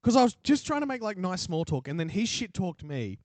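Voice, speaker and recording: A man's voice: high-pitched, very animated, brisk, darkish tone, dry recording. A young Australian man hosting a casual podcast chat, telling stories with laughs and swearing. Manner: joking storytelling, swearing and laughing. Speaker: podcast host. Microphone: studio mic.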